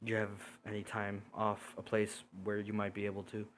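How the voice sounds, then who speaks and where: A man voicing a calm, courteous bandit lord swordsman who speaks quietly and measured. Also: lowish voice, a little hiss or hum, voice pushed down, natural voice.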